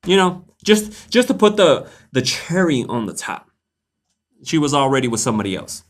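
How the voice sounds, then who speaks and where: A man hosting a live Q&A, casually telling a story to his viewers, animated, laughing often and swearing freely. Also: on the high side, moderate pace. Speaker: host of a live Q&A stream.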